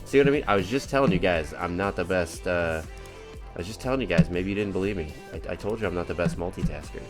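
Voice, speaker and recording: A man with a very low voice chats loosely through a live game stream, wandering off track and cheerfully laughing at his own clumsiness. His talk stays easygoing and upbeat. Faint music plays quietly underneath. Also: fast talker. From United States. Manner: rambling, upbeat, self-mocking. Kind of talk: casual live-stream chat.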